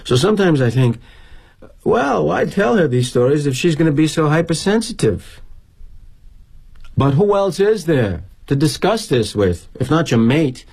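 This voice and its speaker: A man's voice: a little high, sing-song, measured pace, creaky, a little mellow, husky, full character voice. A middle-aged man performing a theatrical monologue as a corporate executive, wry and sardonic in a confiding tone.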